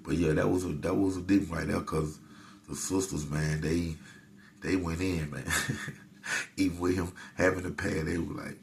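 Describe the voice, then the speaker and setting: Super deep gravelly guy, flat delivery, laid back storytelling, faint hiss behind. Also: normal speed. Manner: laid-back, peppered with "man" and "you know". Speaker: host. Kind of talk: casual storytelling to camera.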